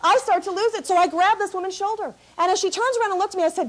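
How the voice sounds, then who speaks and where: A woman keynote speaker telling a comic story to an audience, animated and laughing as she talks. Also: racing, hardly any pauses, slight background noise. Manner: animated, laughing, high-energy.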